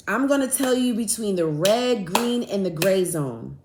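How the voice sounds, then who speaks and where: A woman's voice: on the low side, normal speed, few pauses. A young woman tells a story on her podcast, loose and profane, acting out each side of a quarrel. The sound is roomy and echoey. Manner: animated, profane, acts out both sides of arguments. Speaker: podcast host. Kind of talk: casual storytelling monologue. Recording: echoey room.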